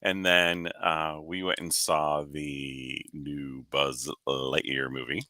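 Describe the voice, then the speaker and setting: A man co-hosting a casual live chat, joking and laughing often, with halting restarts. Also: very deep voice, level tone, sharp tone, dry recording. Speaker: co-host.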